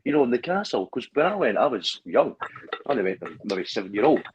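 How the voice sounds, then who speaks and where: A Scottish man co-hosting a livestream over a phone, telling animated stories and laughing often. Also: medium pitch, fast talker, a little hiss or hum, poor audio. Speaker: livestream co-host. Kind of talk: casual chat.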